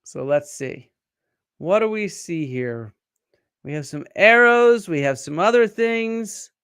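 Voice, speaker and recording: A man's voice: high-pitched, animated, slow, fairly bright tone, clean tone, no echo. A middle-aged man hosting a live-stream science show, explaining and quizzing viewers from their comments, with many fillers and restarts. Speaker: archaeologist and show host.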